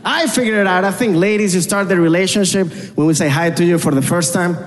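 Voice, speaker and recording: Venezuelan-accented male stand-up, fairly high voice, echoing club hall, audience murmur behind. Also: fast talker. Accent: Venezuelan Spanish. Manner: punchy, repetitive joke delivery to a crowd. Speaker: stand-up comedian. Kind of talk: stand-up comedy set. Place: comedy club stage. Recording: reverberant hall with audience noise. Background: live audience.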